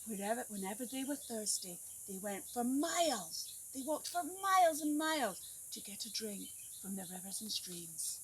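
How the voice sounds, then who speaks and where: A woman teacher reading a picture book aloud to young children, animated and coaxing them to join in. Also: on the high side, moderate pace, a little hiss or hum. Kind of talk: storybook read-aloud for children. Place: outdoors at a tree house.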